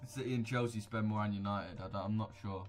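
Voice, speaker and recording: A young man with a fairly low, fairly even voice talks fast on his livestream, faint music in the background. He fires back at viewer comments with casual, blunt, slangy banter.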